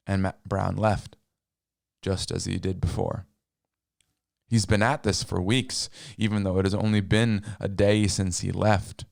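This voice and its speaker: Deep-voiced wry male narrator. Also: unhurried, creaky, dry recording, studio quality. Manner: wry, deadpan and digressive. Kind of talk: scripted narration.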